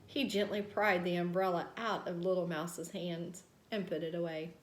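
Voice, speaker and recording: A woman reading a children's story aloud, gentle and expressive. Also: lowish voice, moderate pace, slight background noise. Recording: roomy echo.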